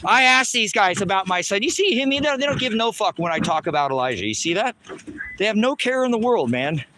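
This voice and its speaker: A man rants on a live stream outside, cursing over and over in a bright, piercing voice that sits a bit high for a man. He is agitated and keeps circling back to the same complaints, picked up by a handheld phone. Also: big pitch swings, fairly quick, a little hiss or hum. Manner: heavy swearing, repetitive and agitated. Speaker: livestreamer. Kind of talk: angry live-stream rant.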